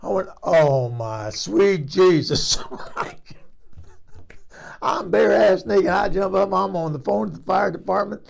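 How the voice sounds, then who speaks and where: A man's voice: high voice, slow, vocal fry, long pauses, heavily acted. A man playing a frank older woman who rambles through a comic story and laughs at herself. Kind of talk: comic character monologue.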